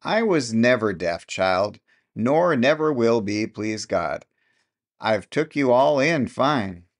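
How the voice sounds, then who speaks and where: A man's voice: mid-range voice, lively intonation, takes it slowly. A man voicing a sly old countrywoman who has long pretended to be deaf, speaking in a rustic dialect with a knowing chuckle. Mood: gleeful.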